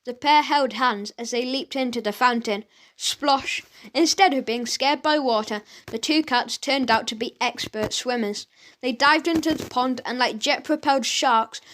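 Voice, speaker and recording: A woman narrating a children's audiobook in an expressive storytelling manner. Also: high voice, moderate pace.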